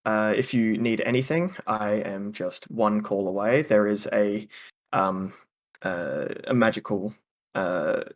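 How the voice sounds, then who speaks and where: A man's voice: on the low side, slow pace. A man voicing a short female halfling innkeeper who is fussy, overly polite and stammers when she gets flustered.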